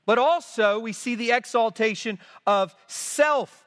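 High-voiced man preaching in a reverberant hall. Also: a little slow, fairly bright tone, smooth. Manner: emphatic, repeats key phrases. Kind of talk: sermon. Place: church sanctuary. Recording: long reverb of a large hall.

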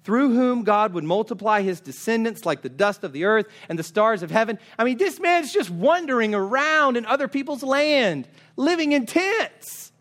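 High-voiced man preaching a sermon. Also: big pitch swings, moderate pace, hardly any pauses, a bit bright. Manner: emphatic, urging, asks repeated rhetorical questions. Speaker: pastor.

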